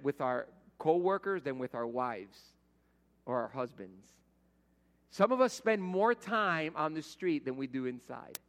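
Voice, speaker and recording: Pastor preaching in a reverberant hall. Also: male voice, fairly high pitch. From Puerto Rico. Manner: animated storytelling preacher, swings from loud to hushed, repeats words. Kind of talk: sermon. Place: church sanctuary. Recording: long reverb of a church hall.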